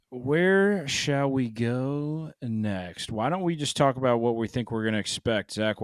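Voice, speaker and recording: A hoarse man hosting a casual sports betting podcast, loose and a little profane, steering the talk with questions. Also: lowish voice, no echo, clean studio sound. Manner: loose, swears, leads the questions. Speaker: podcast host.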